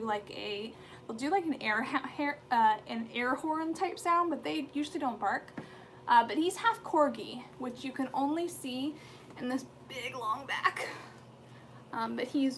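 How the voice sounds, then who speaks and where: A woman's voice: high-pitched, a bit bright, slight background noise. A woman in her thirties from the United States, hosting a casual skincare livestream from home, chatting in a rambling way with lots of fillers and restarts. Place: home room with pets.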